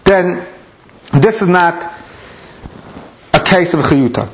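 A man's voice: high voice, animated, slow. Man giving a Talmud lecture, lo-fi. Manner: explains step by step with Hebrew and Aramaic terms. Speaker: Talmud teacher. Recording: dull lo-fi recording.

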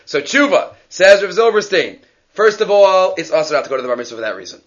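A man teaching a Talmud lesson, lively and animated, acting out quoted people and weaving Hebrew quotations into his English. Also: sits high, fast, lo-fi sound. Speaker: Torah teacher giving a daf yomi class.

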